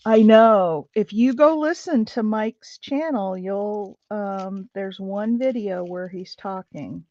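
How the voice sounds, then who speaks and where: A woman's voice: medium pitch, slow pace, few pauses, darkish tone, no room sound, muffled recording. A woman hosting a craft livestream, chatting casually with viewers and thinking aloud as she works. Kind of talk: casual chat while crafting.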